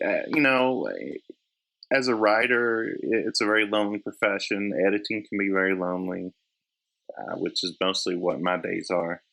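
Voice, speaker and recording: A man who works as an editor and publisher, a guest chatting in a relaxed way and laughing easily. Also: fairly low pitch, moderate pace, creaky, rough recording. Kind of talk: casual chat.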